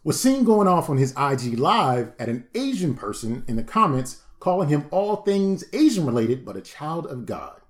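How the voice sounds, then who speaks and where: A man in casual podcast chat with a somewhat high voice that leaps all over the place. He talks in an animated, profane, joking way, riffing on whatever comes up. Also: moderate pace, hardly any pauses. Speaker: podcast co-host.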